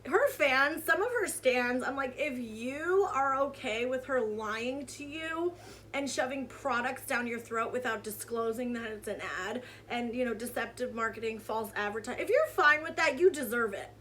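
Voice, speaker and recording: A woman's voice: fairly high pitch, normal speed, sharp tone, slight background noise. A woman vlogger giving casual commentary on online drama in a heated, sarcastic rant.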